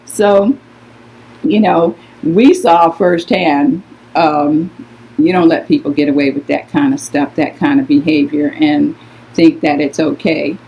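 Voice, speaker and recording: A woman's voice: low-pitched, steady tone, unhurried. An older woman telling stories in a casual conversation with her adult daughter, speaking in an emphatic, outspoken and indignant way. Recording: muffled lo-fi recording.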